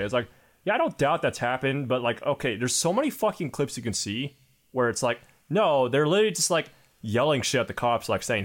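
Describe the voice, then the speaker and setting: A man's voice: mid-range voice, animated, fairly quick. Young man ranting casually, swearing a lot. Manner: heavy swearing, rambling, filler-laden. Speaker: podcast co-host. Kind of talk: casual chat.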